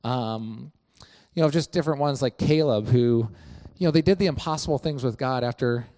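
A man talking casually about his faith, retelling old stories and acting out quoted lines with many fillers. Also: moderate pace. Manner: animated storytelling, acts out quoted lines with rising pitch; many fillers like "you know". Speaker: church member sharing reflections.

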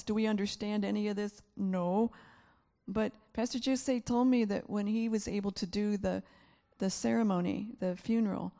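A woman pastor preaching in church with a gravelly, mellow voice. She tells her stories with earnest feeling and often repeats key phrases for emphasis. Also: medium pitch. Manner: earnest, emotional storytelling with frequent repetitions. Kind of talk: sermon.

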